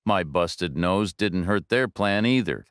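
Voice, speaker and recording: A man gives voice to a hard, unflappable drifter in this audiobook thriller, speaking in short, flat, matter-of-fact sentences. His voice sits low and sounds smooth. The recording is close and completely dry. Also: slow pace, dry recording, heavily acted. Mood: flat, terse.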